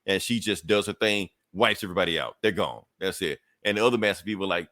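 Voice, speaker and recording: A man's voice: deep voice, fairly quick, fairly bright tone, no echo, clean studio sound. A man hosting a podcast, casually recapping a comic book in a loose, rambling way with swearing and self-corrections. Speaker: podcast host.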